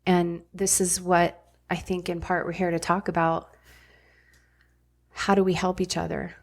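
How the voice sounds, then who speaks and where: Middle-aged woman, podcast guest, low-ish flat delivery, blunt and candid, casual swearing. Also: a little slow, vocal fry. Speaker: podcast guest, former ER nurse. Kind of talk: candid conversational storytelling.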